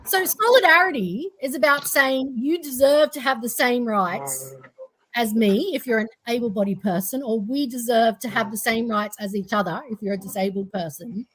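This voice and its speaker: High-voiced woman, earnest chat. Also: lively intonation, moderate pace, a bit bright, poor audio. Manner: earnest, reflective, with frequent fillers. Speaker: co-host. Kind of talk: casual podcast chat.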